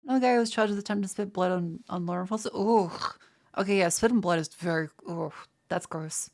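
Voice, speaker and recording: At a normal speed and with a lowish, slightly mellow voice, a young Australian woman talks crudely to her live-stream viewers. Her answers ramble, with plenty of stammering and restarts.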